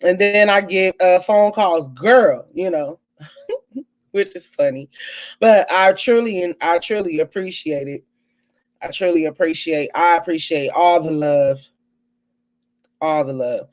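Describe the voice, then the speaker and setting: This live-stream host has a lowish, slightly mellow voice. She chats with her online audience in a loose, animated way, tossing in plenty of exclamations and asides.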